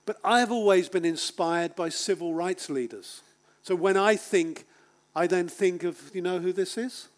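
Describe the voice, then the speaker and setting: Man preaching, sermon, slightly high voice, emphatic, dramatic pauses. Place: speaking to a congregation.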